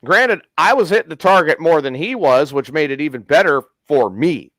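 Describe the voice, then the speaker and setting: A man's voice: fairly high pitch, animated, normal speed, fairly bright tone, dry recording. A man hosting a casual podcast, telling a long profane story and acting out the quotes. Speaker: podcast host.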